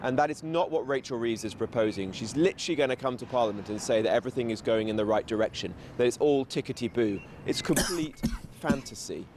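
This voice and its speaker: A man appearing as a political guest on a talk show, arguing in a steady campaigning tone and listing his points one after another. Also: mid-range voice, quick pace, few pauses, background noise.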